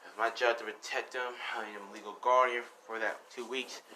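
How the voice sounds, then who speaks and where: A man voicing a calm young male hero. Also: mid-range voice, normal speed, a little hiss or hum, natural voice, poor audio.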